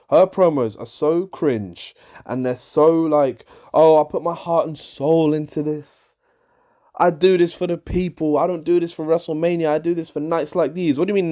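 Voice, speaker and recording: A man's voice: medium pitch, darkish tone. A young man reviewing a wrestling show in an exasperated, sarcastic rant.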